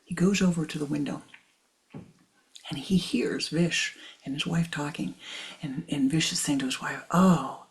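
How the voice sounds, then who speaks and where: A woman spiritual teacher telling a story in a sermon, hushed and dramatic, often sliding into a whisper. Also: low voice, normal speed, long pauses.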